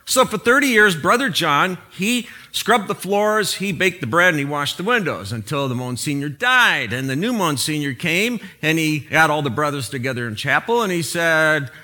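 A male pastor delivering a sermon with a lively, sweeping delivery. His voice is bright and forceful, sitting a little high for a man, and he tells stories with plenty of animation. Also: moderate pace. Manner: animated storytelling with prayer and jokes.

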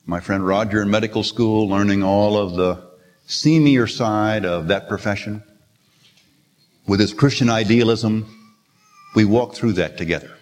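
Speaking at a measured pace in a fairly low voice, an older man delivers a sermon with earnest storytelling, stressing the scripture he quotes. The church sanctuary setting adds the long reverb of a large hall.

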